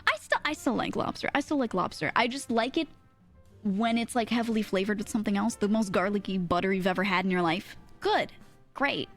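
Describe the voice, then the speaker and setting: A young woman streamer telling a story in casual chat, animated, laughing often and full of fillers. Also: mid-range voice, brisk, faint music behind.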